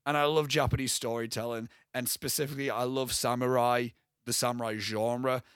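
A young man co-hosting a podcast, talking casually and excitedly about a film, rambling and swearing freely. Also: mid-range voice, fairly quick, clear, resonant tone, dry recording, studio quality. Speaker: podcast co-host.

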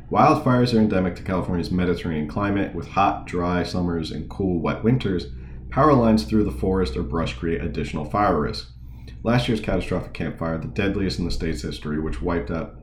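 A man's voice: deep voice, darkish tone, reverberant, a little hiss or hum. A man hosting a political talk show, reading news articles aloud and commenting in an informal, digressive way with sarcastic asides.

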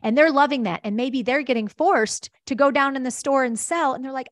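Upbeat, expressive middle-aged businesswoman. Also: fairly high pitch, normal speed, no room sound. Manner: enthusiastic, acts out quoted voices, laughs easily. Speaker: company founder, interview guest. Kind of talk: animated conversational interview answer.

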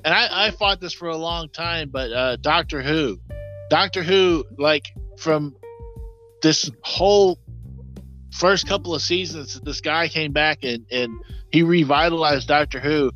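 A man co-hosts a casual podcast chat, rambling eagerly and stacking up fillers. His voice sits a bit high and rings bright and forceful. The recording is dull and lo-fi, with faint music behind him. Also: measured pace. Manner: rambling, enthusiastic, filler-heavy. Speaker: podcast co-host.

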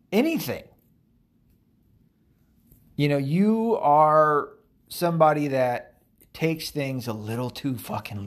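A man giving casual political commentary, profane and sarcastic, rambling with lots of fillers. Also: on the high side.

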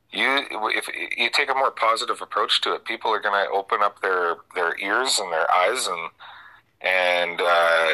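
Bright-voiced male radio talk host. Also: sits low, rough recording. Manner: halting, many restarts and fillers. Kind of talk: casual opinionated talk radio.

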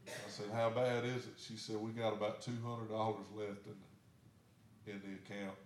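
A man's voice: fairly low pitch, flat delivery, normal speed, reverberant, a little hiss or hum. A man, a pastor telling a story in a sermon in a plain, folksy way. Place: church sanctuary.

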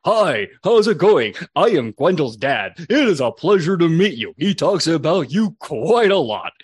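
A game master voicing a polite, formal dog-folk father who speaks slowly and courteously. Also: mid-range voice, sing-song, slightly rough, dry recording, clean studio sound.

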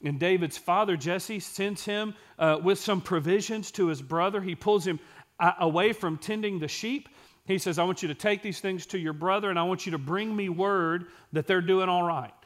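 A man with a slightly high-pitched voice preaches a sermon, reading scripture aloud and then stopping to explain it and ask his listeners questions. At points he sinks into a quiet, intense delivery to drive a point home. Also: moderate pace. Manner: drops to a quiet, intense voice for emphasis.

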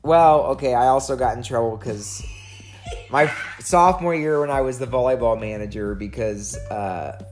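A woman telling a story in a casual chat, rambling and getting animated as she acts out the scenes. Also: a bass voice, moderate pace, soft background music. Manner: rambling, animated when acting out scenes, laughing.

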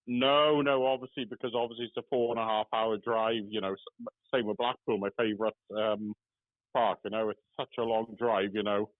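A man's voice: on the low side, fairly even intonation, normal speed, dry recording. A man calling in to a show, chatting casually about theme parks and swearing now and then, heard over a phone line. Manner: chatty, swears casually, says "you know" a lot. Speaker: caller. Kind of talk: casual chat.

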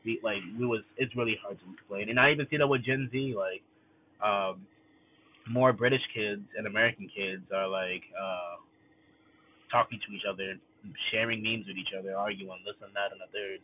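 A man's voice: lowish voice, fairly even intonation, normal speed. A young man talking in a casual, rambling monologue, full of fillers and restarts. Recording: tinny phone-like audio, faint noise.

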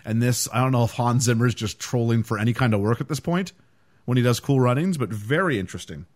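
A fast-talking man with a medium-pitched voice hosts a podcast about a film. He chats casually and animatedly, using plenty of fillers.

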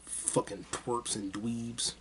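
A man's voice: mid-range voice, flat delivery, slow pace, background noise. A man hosting his own podcast, rambling through a casual solo monologue in a crude, heated way and mocking people with repeated put-downs. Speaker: podcast host.

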